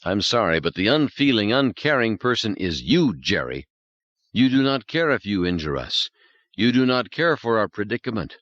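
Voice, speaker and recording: A man voicing a calm, persistent male psychologist who speaks earnestly and insistently. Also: on the low side, moderate pace, no room sound, dull audio, voice pushed up.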